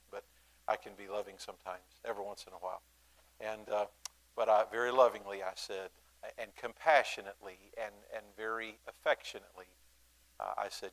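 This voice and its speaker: A male pastor talks to his congregation in a church. His voice sits low and has a gravelly, creaky edge. He speaks in a folksy, halting way, stopping to restart his sentences and asking the room to say things back to him. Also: a bit bright, low-quality recording. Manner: folksy, halting, many fillers and restarts, calls for responses. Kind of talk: church announcements and sermon to a congregation. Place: church sanctuary.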